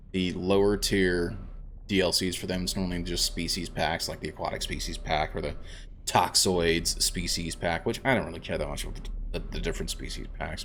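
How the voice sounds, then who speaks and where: A man's voice: low voice, a bit bright, a little hiss or hum. A man streaming a game, chatting casually with viewers and rambling a bit. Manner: chatty, rambling, restarts, answers chat. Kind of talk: casual let's-play chat.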